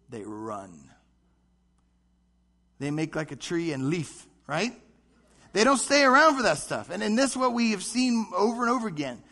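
A man preaching a sermon, animated, acting out short voices as he goes. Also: sits high. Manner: animated, acts out voices in quick asides. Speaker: pastor.

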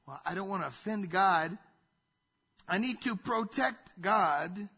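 A man's voice: high voice, animated, slow pace, sharp tone, husky. A man preaching a sermon from a church stage, emphatic and repetitive in his delivery. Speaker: pastor. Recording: dull lo-fi sound.

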